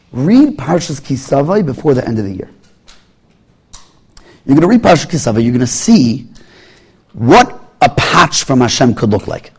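A man's voice: mid-range voice, slightly rough. A man giving a sermon as a rabbi, acting out little scenes in quoted voices as he teaches.

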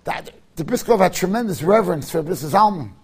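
High-voiced man telling a sermon story. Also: quick pace, very noisy. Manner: animated storyteller, swings between hushed and loud. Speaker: rabbi.

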